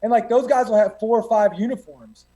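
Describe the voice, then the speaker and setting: A man's voice: very high-pitched, fairly even intonation, brisk, dark tone, low-quality recording. A man, a guest telling boot camp stories in a rambling, profane way with many fillers. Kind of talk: casual storytelling.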